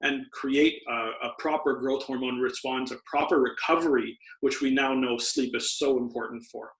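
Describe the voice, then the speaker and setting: A man's voice: medium pitch, steady tone, moderate pace, a bit bright. A man, a doctor, patiently explaining health tips as a podcast guest. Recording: roomy echo.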